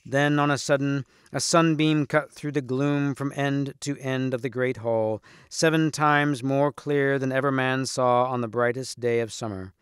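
A man reading a storybook aloud in a measured, expressive way. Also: medium pitch, clear, resonant tone, no echo, clean studio sound. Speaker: reader.

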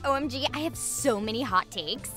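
A woman's voice: a little high, lively intonation, moderate pace, pushed and bright. A woman voicing a brash, gossipy young female creature in a video game, drawling and sassy. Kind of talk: video game character dialogue. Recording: game audio with music behind.

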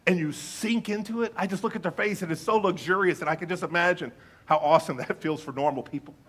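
Husky man preaching with loud-soft swings. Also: high-pitched, fast talker. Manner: conversational, animated, swings from loud emphasis to quiet asides. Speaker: pastor. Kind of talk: sermon.

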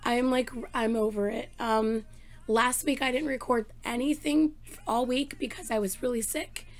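A woman with a hoarse, strained voice sits at her desk microphone and talks straight to her viewers. She is chatty and excitable, sprinkling in fillers, and her pitch sits a little on the high side. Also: normal speed. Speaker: reaction channel host. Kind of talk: casual chat to camera.

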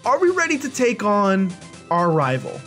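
Man, let's play host, casual gameplay commentary, chatty and jokey, animated pitch, faint game music behind. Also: moderate pace. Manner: chatty, jokey, rambling with fillers.

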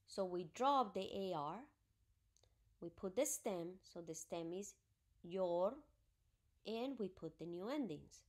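A woman's voice: lowish voice, lively intonation, slow pace, pauses often, darkish tone. A woman teaching a recorded grammar lesson, explaining patiently step by step and working through examples. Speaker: Spanish teacher.

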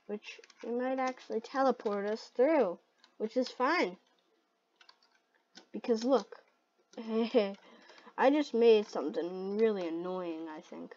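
A woman giving excited gameplay commentary, shrieking and laughing at close calls. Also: fairly high pitch, takes it slowly, pauses often. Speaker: gaming video host. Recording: dull lo-fi mic.

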